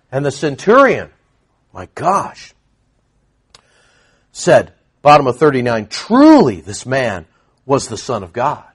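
A male pastor preaching a sermon, emphatic and animated, firing off rhetorical questions. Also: fairly high pitch, breathy edge.

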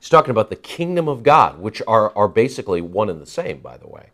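A man's voice: lowish voice, very animated, fast, a bit bright. A man preaching an expository Bible sermon, stressing key words and repeating phrases for emphasis.

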